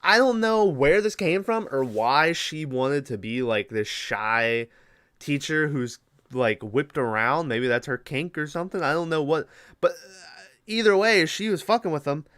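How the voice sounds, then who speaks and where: A man's voice: a little high, lively intonation, unhurried, fairly bright tone, clear, resonant tone, dry recording. A man hosting a podcast, casually retelling a movie plot in a rambling, profane way with lots of fillers. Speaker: podcast host.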